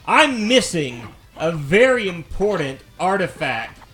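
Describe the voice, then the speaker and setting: Male game streamer, mild Southern US accent, easygoing and rambling, slightly higher voice. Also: very animated, takes it slowly, a bit bright, faint music behind. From Alabama, US. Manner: chatty and rambling, easy-going. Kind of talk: casual live-stream chat while playing.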